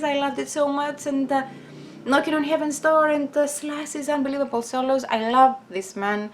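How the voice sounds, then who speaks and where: Young female vlogger, high voice, gushing and hesitant, casual talk to camera. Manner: excited, halting, many fillers. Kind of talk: casual personal storytelling to camera.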